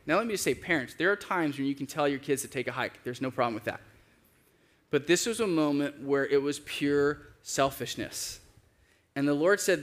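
Male pastor, fairly high voice, casual sermon delivery with acted-out quotes. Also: animated, normal speed, fairly bright tone. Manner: conversational, acts out quoted voices with big pitch jumps.

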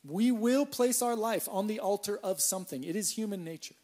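A middle-aged male pastor preaching in a church, telling personal stories in an animated way and acting out his own panic. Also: sits high, brisk.

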